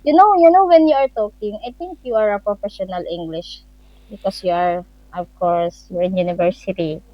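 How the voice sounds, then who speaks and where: A woman's voice: mid-range voice, a little fast, no room sound, dull audio. A woman chatting casually in second-language English, often searching for words and repeating "you know". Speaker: conversation partner.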